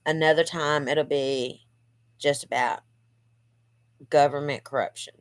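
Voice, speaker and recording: A woman's voice: low voice, dry recording. A woman talking casually to her viewers from her living room, earnest and rambling with lots of fillers, a bit stuffy from allergies. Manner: rambling, many "you know" fillers, earnest. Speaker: channel host. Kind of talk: casual direct-to-camera vlog.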